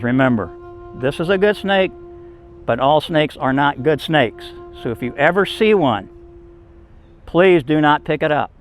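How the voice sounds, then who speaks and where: A man storyteller telling a folk tale to children in an animated, emphatic way. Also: medium pitch.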